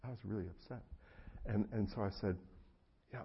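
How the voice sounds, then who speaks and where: Gravelly storytelling pastor, muffled recording. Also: male voice, on the low side, fairly quick, long pauses. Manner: storytelling, acts out voices, laughs, swings from hushed to loud. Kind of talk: sermon with personal stories. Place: church hall before an audience.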